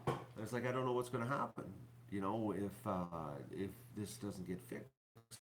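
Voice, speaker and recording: A man hosting his own channel, talking to viewers in a rambling, halting way full of fillers and restarts, sounding depressed and upset. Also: on the low side, a little hiss or hum. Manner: halting, repeats words, many fillers. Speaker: YouTuber host. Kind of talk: rambling live-stream talk to viewers.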